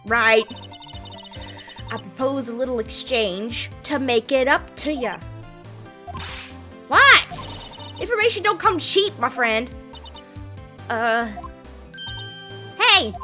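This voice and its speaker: Play a brash southern gal photographer with a folksy, wheeling-dealing drawl, as a woman voicing her in a game playthrough, pitched high and swinging wide, bright and sharp-edged. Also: lively intonation, slow pace, long pauses, faint music behind, heavily acted. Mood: wheedling. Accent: put-on Southern US. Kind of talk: reading a game's dialogue aloud.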